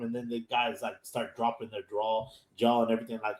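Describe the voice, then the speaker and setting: A laid-back American man recaps a show in a casual, rambling way, with lots of "like" and "you know" as he acts out what the characters said. His voice sits at an ordinary middle pitch. The room gives it a noticeable echo. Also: flat delivery, a little fast, few pauses. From Houston, Texas. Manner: loose storytelling full of "like" and "you know", acting out characters' lines. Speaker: anime podcast host. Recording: roomy echo.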